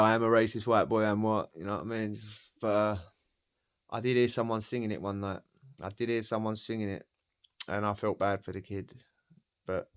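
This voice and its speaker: A man from Essex with an Essex accent telling a story casually, full of slang, swearing and laughter. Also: fairly low pitch. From Essex, England. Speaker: podcast storyteller.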